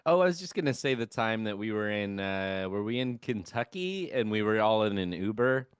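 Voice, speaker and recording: A man co-hosting a podcast in relaxed casual chat, laid-back with plenty of filler words. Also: lowish voice, moderate pace, smooth, no room sound, studio quality. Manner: laid-back, lots of uh and you know. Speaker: podcast co-host.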